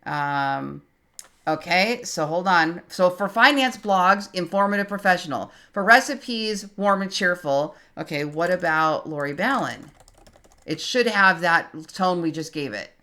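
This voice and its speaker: A woman in her fifties giving a screen-recorded tutorial, talking casually and thinking aloud as she types, reading her prompts out slowly. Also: fairly low pitch, animated, pushed and bright. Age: 50s. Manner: chatty, thinks aloud while typing, reads prompts out slowly. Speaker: creator teaching online tools.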